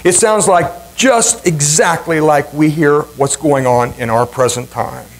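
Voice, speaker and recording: A male pastor preaching a sermon with emphatic, dramatic repetition and swings in pitch. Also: a little slow, rough recording. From Ohio, USA.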